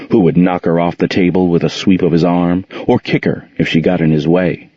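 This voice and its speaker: A deep-voiced man narrates a story in a steady, even reading style. His tone is dark and mellow, recorded close and dry with a slightly dull, lo-fi sound. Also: breathy edge, no room sound. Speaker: audiobook narrator.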